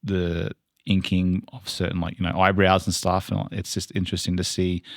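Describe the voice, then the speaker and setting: Low and gravelly, this man's voice stays flat at a moderate pace as he co-hosts a podcast, rambling through casual chat with plenty of fillers. The sound is clean studio quality with no room sound.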